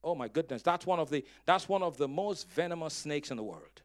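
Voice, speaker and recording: A male pastor preaching a sermon in a dramatic style, telling stories with humor and breaking into loud bursts of emphasis as he calls on the congregation to respond. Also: a little high, lively intonation, brisk. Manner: storytelling with humor.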